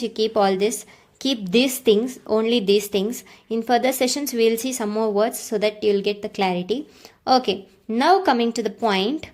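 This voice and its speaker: A woman teaches a slow, explanatory Kannada lesson, repeating words and checking in with "okay" and "right." Her voice is fairly high with a darkish tone.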